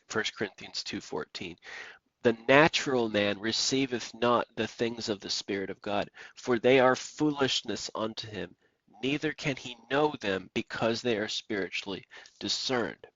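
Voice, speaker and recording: A man's voice: on the low side, normal speed, a bit bright, dry recording, highs cut off. A man preaching on the radio, emphatic and repeating phrases for stress. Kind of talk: preaching monologue.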